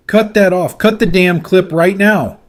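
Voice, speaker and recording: A man voicing an enraged older male politician who shouts and repeats insults loudly. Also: sits high, a little slow, voice pushed up. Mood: yelling. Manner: loud, barking, repetitive insults.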